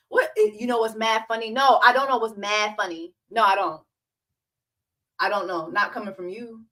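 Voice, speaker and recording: A woman's voice: mid-range voice, a little fast, fairly bright tone. A woman hosting a live stream, reacting to clips with sarcastic, emphatic commentary.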